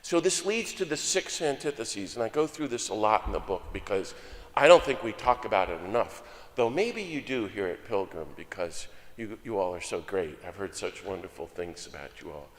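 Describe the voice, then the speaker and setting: Older man, guest preacher, animated sermon, long church reverb. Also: lowish voice, moderate pace. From United States. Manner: animated, jokey, swings between loud exclamations and soft asides. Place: church sanctuary.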